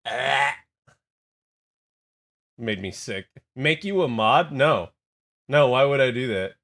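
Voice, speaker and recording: There's a slow pace to this young adult man's mid-range voice as he chats casually on his live stream. He rambles, joking and reacting with animation to what his chat says.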